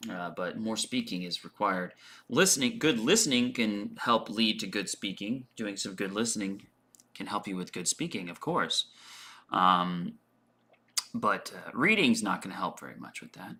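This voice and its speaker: Man, English teacher, casual livestream chat, slightly low voice, bright tone, thinking aloud, lots of fillers. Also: lively intonation, moderate pace. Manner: frequent fillers and repeated words.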